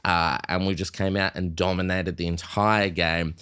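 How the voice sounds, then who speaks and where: A man's voice: low voice, flat delivery, moderate pace, sharp tone, clean tone. An Australian man in his thirties, a podcast co-host telling rambling stories in casual chat, with frequent fillers.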